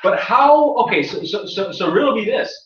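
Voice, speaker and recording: A man playing a tabletop game with friends, excitable and swearing freely. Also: high-pitched, normal speed. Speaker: player. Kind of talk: casual chat at a game table. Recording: echoey, distant, dull room recording.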